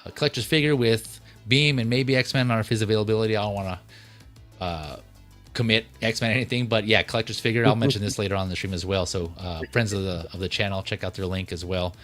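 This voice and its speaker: Man, low voice, casual livestream host, rambling, filler words. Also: quick pace, soft background music. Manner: relaxed, rambling, many fillers and restarts.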